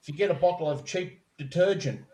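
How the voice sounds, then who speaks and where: A man's voice: on the high side, fairly quick, a crowd in the background. A man making dry, wisecracking interjections in casual chat. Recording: faint background noise.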